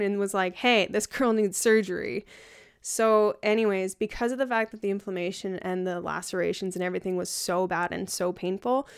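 A woman's voice: medium pitch, clear, resonant tone. A young woman candidly recounting her hospital stay in a personal video diary, emotional and at times tearful. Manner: candid, emotional, storytelling with quoted dialogue. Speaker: patient telling her hospital story.

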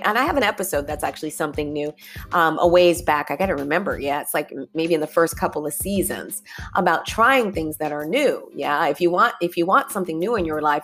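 A woman hosting a casual motivational talk, chatty and upbeat, who calls her listeners y'all and leads them through breathing. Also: fairly low pitch. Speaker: podcast host.

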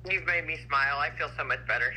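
A woman's voice: sits low, fast talker, bright, forceful tone, slight background noise, rough recording. A woman calling in to a live stream, talking in an effusive, affectionate way. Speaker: caller. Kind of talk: casual call-in chat.

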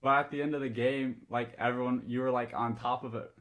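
A young man hosting a podcast, rattling through quick questions with lots of "uh" fillers and easy laughter. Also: medium pitch, flat delivery, a crowd in the background. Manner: laughing easily, many "uh" fillers. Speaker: podcast host. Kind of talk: casual chat, rapid-fire question game.

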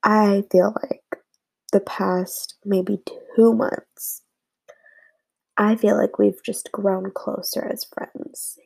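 A young woman rambling through a casual, emotional message to her friends, often dropping her voice low. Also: little pitch movement, drawn-out words, creaky, a little mellow, husky, rough recording. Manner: rambling, emotional, drops to a whisper at times.

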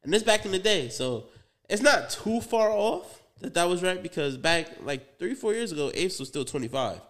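This young podcast co-host has a high voice that swings widely in pitch, speaking at a normal speed. He tells a meandering story packed with profanity, slang, filler words and tangents.

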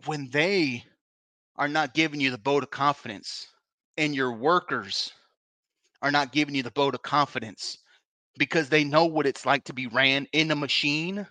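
A man's voice: a little high, bright, forceful tone, no echo. A man hosting a wrestling podcast, delivering a heated, profane and frustrated rant. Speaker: podcast host.

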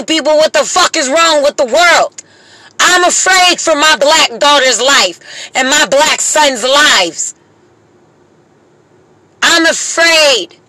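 Woman, single mother, high bright voice, impassioned, profane, dry close recording. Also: dry recording, poor audio. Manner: impassioned, pleading, profane, slow deliberate emphasis. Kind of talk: emotional monologue to camera.

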